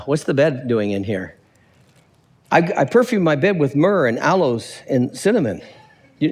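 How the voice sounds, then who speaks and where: A man delivers a sermon with a somewhat high, very lively voice that leaps up and down as he works through a scripture passage. He slips into quick character voices to act out the people in the text. His voice rings with the long reverb of a large hall. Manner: animated, acts out characters, reads scripture aloud. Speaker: preacher.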